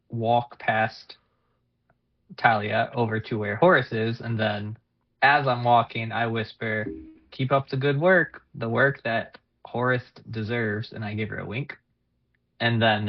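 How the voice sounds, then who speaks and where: A man playing in a tabletop game, casually and hesitantly describing what his character does. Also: on the low side. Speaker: player. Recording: dull lo-fi recording.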